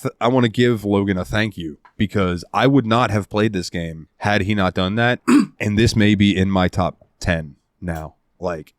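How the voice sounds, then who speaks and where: A man hosting a casual podcast, recounting a game's ending with animated, heartfelt storytelling and some swearing. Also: lowish voice, normal speed, no room sound, studio quality. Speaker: podcast host. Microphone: studio headset mic.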